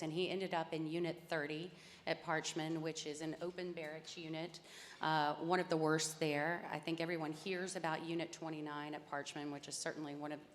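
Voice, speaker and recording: A woman lawyer speaking on a panel in a measured, explanatory way. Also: low-pitched, slight background noise. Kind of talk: panel discussion. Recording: reverberant conference hall.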